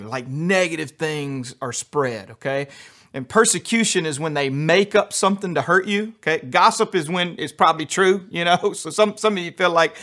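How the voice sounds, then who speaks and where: A man's voice: fairly high pitch, fairly bright tone. A man preaching a sermon as pastor, telling funny stories with acted-out quotes. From United States. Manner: humorous, quick storytelling with acted-out quotes.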